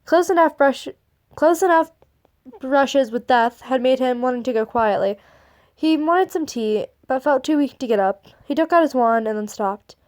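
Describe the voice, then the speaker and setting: A woman reads fan fiction aloud in a high voice. She often stumbles over words and backs up to try the line again. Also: lively intonation, moderate pace, darkish tone. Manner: stumbling over words, restarting and laughing at the text.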